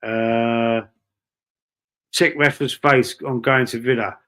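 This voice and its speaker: Cockney bloke doing a live stream, chatty, swears a lot, calls everyone bro and mate, mid-pitched voice. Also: male voice, fairly even intonation, takes it slowly, sharp tone. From East London, England. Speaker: livestream host reading chat. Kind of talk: casual live-stream chat.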